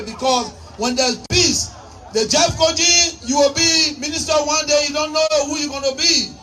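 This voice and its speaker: A man with a Liberian English accent giving a political rally speech, shouting and repeating his points rhetorically. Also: extremely high pitch. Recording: distant mic with crowd and noise.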